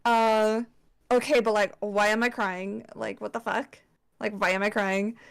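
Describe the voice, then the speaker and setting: A woman's voice: medium pitch, level tone, a little slow, creaky, clean tone. A young woman presenting a slideshow to friends in casual chat, swearing often and filling with likes and ums. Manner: chatty, swears, lots of fillers.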